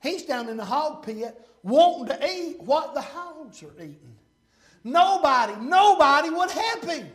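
A middle-aged man preaching in a strikingly high voice. He tells stories in a folksy, meandering way, then builds to fervent, shouted points. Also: animated, measured pace. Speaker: pastor. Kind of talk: sermon.

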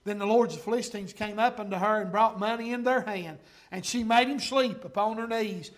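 Very high-voiced fervent preacher man. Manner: fervent, swinging from loud to hushed, folksy asides; reads scripture slowly and deliberately. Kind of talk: sermon.

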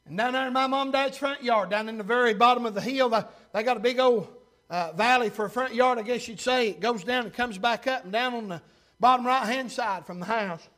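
A man with a drawl preaches in a remarkably high voice. He delivers his sermon fervently, filling pauses with drawn-out 'uh' sounds, swelling to loud bursts and then sinking low. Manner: fervent, pausing with 'uh' and surging louder then dropping low. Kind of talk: revival-style sermon.

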